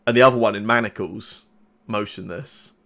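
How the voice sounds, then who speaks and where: Halting male game master narrating. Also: fairly low pitch, fairly bright tone. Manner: halting, with many restarts.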